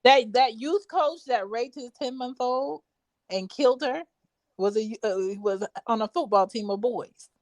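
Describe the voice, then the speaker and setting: A woman's voice: fairly high pitch, measured pace, a little mellow, no echo. Blunt woman hosting a podcast. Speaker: podcast host. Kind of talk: casual podcast chat.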